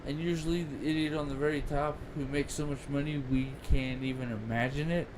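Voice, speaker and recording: A man's voice: a little high, steady tone, a little fast. Rambling man, noisy casual chat. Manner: rambling, opinionated. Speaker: podcast co-host. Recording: noticeable background noise.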